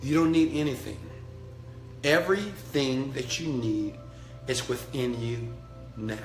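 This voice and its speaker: A man giving a blunt, profane motivational talk, preaching to an online audience and swinging from low murmurs up to shouted chants. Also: measured pace. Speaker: motivational speaker and mentor. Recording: echoey room with faint music.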